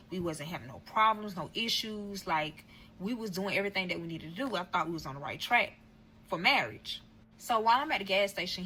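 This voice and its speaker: Bright-voiced woman telling a blunt story. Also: on the low side, a little hiss or hum, poor audio. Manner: profane, blunt, talks straight to viewers; acts out quotes in other voices. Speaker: storyteller recounting a breakup. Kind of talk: casual storytime vlog.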